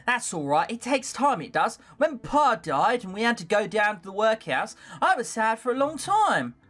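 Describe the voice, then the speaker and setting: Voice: mid-range voice, big pitch swings, normal speed, fairly bright tone, pitched above the performer's own voice. A player putting on a Northern maid girl. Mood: homely. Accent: put-on Northern English. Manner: homely, plain-spoken. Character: cheerful poor scullery maid girl.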